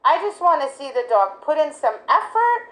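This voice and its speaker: A woman's voice: moderate pace, poor audio. A middle-aged woman dog trainer teaching a class in a casual, conversational way, often checking in with "right?" and "guess what?", her voice leaping up when she mimics praise. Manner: lively, jumps high for praise. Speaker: dog sports trainer and instructor.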